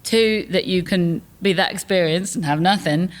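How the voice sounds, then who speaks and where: A woman's voice: lowish voice, normal speed. A woman hosting a podcast, reminiscing enthusiastically and laughing often in casual chat. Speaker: podcast host.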